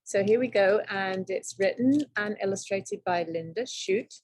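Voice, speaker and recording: A woman teacher reading a picture book aloud to children, telling it in an expressive, dramatic way. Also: mid-range voice, a little slow, hardly any pauses, no room sound.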